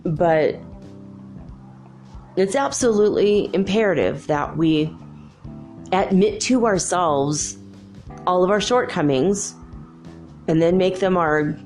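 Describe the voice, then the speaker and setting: A woman's voice: on the low side, lively intonation, slow, long pauses, darkish tone, faint music behind. A middle-aged woman hosting a spiritual podcast, chatting and rambling through stories and laughing often. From United States. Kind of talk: casual spiritual talk.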